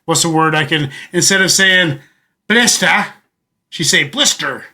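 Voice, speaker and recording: A man's voice: on the high side, moderate pace, bright, forceful tone. A man hosting a hip hop review show, chatting casually, rambling and repeating himself. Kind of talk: casual music review chat.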